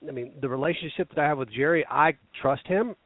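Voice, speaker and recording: A man's voice: on the high side, fast. A man on a panel speaking as an internal corporate recruiter, rambling with many fillers and restarts. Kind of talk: panel discussion. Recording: dry, thin phone-like sound.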